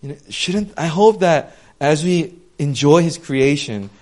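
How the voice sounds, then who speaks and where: A young preacher speaks a little slowly, his voice a little high, as he delivers a casual sermon. Chatty and animated, he tells stories sprinkled with lots of "um" and "like".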